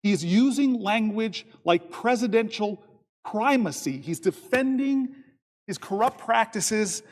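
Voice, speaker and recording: A man in his fifties giving a long floor speech as a senator, telling a story and quoting others in lively voices. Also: sits high, unhurried. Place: large legislative chamber. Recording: long reverb from a large chamber.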